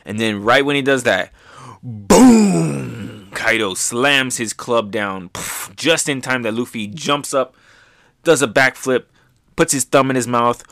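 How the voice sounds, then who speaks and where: A man hosting a show, casually recapping manga chapters with excitement, often dropping to a soft voice. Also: medium pitch, unhurried, no room sound, studio quality. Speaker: podcast host.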